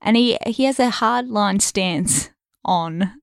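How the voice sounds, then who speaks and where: A woman's voice: medium pitch, slow, gravelly, no echo, clean studio sound. A woman co-hosting a podcast in casual chat, chatty and giggly, often trailing off. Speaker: podcast co-host.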